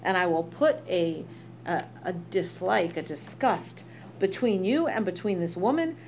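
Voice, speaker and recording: A woman's voice: lowish voice, animated, measured pace, a little mellow, a little hiss or hum. A woman teaching a text study in a chatty way, reading verses aloud and translating them with asides. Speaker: Torah teacher.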